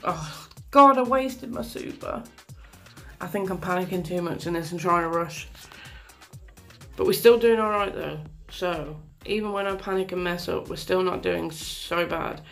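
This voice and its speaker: Her voice is on the low side, a bit bright with vocal fry, and a little slow as she commentates live over her own gameplay. She's chatty and exasperated, with plenty of mild swearing, and faint music plays behind her.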